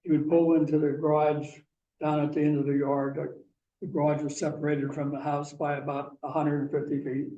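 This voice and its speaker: Guy from pennsylvania telling his story slow, flat mellow voice, echoey room far from the mic. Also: fairly high pitch, dull audio, slight background noise. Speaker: guest speaker. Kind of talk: personal storytelling talk.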